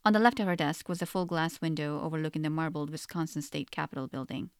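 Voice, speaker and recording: A woman narrating a story in an audiobook, with a steady, measured reading. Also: deep voice, smooth, no room sound, studio quality.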